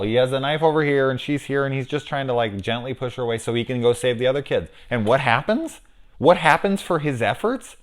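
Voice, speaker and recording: A man's voice: mid-range voice, brisk. A man talking casually through a spoiler review of a horror movie, incredulous and swearing often.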